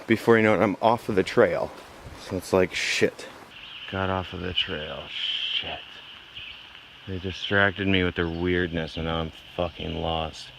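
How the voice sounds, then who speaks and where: A man's voice: on the low side, a little hiss or hum. Worn-out man vlogging on a forest trail. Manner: swears freely, animated retelling with put-on quotes. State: exhausted. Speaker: solo backpacker vlogging on the trail. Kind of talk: casual vlog storytelling. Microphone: handheld camera at arm's length.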